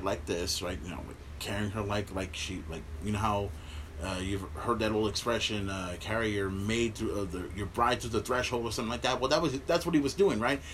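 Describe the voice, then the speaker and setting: A man's voice: lowish voice, a bit bright, slight background noise. A man hosting a podcast, recapping a wrestling show in a rambling, profane way, with many fillers. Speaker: podcast host.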